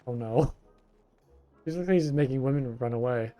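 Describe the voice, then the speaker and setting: A man's voice: mid-range voice, moderate pace, pauses often, mellow. A young man chatting casually and with amusement while streaming a video game from home. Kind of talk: casual gameplay commentary. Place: home gaming setup. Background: game music.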